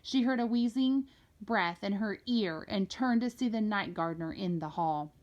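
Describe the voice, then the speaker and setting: A woman reads a novel aloud in a steady, expressive storytelling voice. She carries the narration at an even pitch, neither high nor low. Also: moderate pace, dull audio. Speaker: reader.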